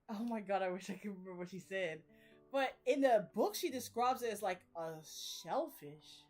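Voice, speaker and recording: A woman's voice: mid-range voice, animated, quick pace, a little mellow, faint music behind. A young woman chatting casually about her reading. She rambles, uses slang and laughs often. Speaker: reading vlogger. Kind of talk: casual chat.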